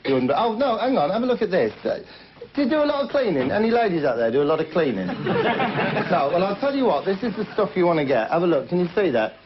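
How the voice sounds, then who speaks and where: A man's voice: high voice, big pitch swings, quick pace. A man hosting a comedy show, spinning cheeky tall tales and talking straight to the audience. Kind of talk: stand-up monologue in character. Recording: muffled old TV recording with hiss.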